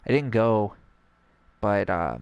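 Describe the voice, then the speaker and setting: A man's voice: lowish voice, animated, takes it slowly, gravelly, clear, resonant tone, dull audio. A young man, a streamer, telling a long personal story in a casual, rambling way and acting out the dialogue. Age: young adult.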